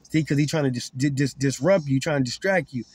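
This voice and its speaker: Husky-voiced man teaching scripture earnestly. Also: mid-range voice, a little fast, a little mellow, no room sound. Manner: earnest, repetitive, stumbles and repeats words. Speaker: online preacher. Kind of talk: informal Bible teaching to camera.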